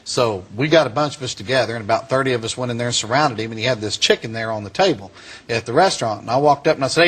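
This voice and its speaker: A man, a former Klansman turned preacher, telling his testimony to an audience in a folksy, animated way. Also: medium pitch, rapid-fire, slightly rough. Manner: folksy, animated, drawling storyteller.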